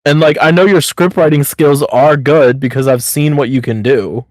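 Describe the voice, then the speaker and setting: A man with a slightly raised pitch chats on a casual podcast. He speaks bluntly, swears casually and keeps pressing his friend with pep-talk advice. The sound is close and dry. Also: normal speed, a little mellow, dry recording, rough recording. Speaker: podcast co-host.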